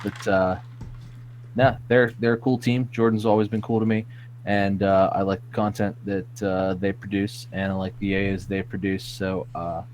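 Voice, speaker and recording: A laid-back man with a lowish voice, chatting casually on a podcast and rambling with plenty of fillers. A faint hum sits under his voice. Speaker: podcast guest. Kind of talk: casual chat.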